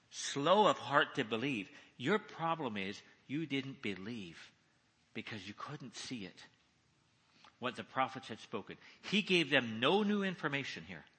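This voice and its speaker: A man preaching at a conference, reading scripture slowly and with emphasis and asking his listeners questions. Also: medium pitch, bright, forceful tone, husky. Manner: reads slowly, deliberately, with emphasis; asks the audience questions. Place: large conference hall. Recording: echoey hall reverb.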